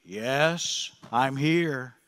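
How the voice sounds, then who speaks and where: A preacher voicing God as a slow, calm voice answering from heaven. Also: male voice, mid-range voice, in a large hall, pitched below the performer's own voice. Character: calm divine voice from heaven, male.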